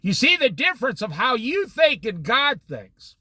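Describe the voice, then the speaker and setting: A man's voice: very high voice, moderate pace, dry recording. A man giving a casual Bible study talk, acting out little dialogues between people and God. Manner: animated, acts out little dialogues. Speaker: Bible teacher. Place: Oregon coast.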